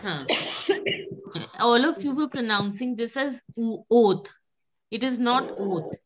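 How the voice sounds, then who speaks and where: A woman, teaching a French pronunciation class, patiently repeating words and gently correcting her students. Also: on the high side, slow, slight background noise.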